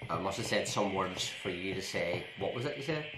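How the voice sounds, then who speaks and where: A man's voice: low-pitched, expressive, fairly quick. A man playing a mobile game with his family, chatting casually and talking himself through each choice with a mock-boastful streak. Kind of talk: casual gameplay chat. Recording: echoey room with background music.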